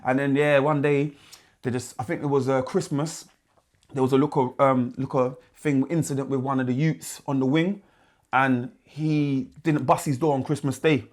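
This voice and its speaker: A man with a London accent telling stories from his past in a casual interview, using street slang and acting out other people's voices. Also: normal speed. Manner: animated, mimics voices in his anecdotes with big pitch jumps. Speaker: guest musician. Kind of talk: casual storytelling.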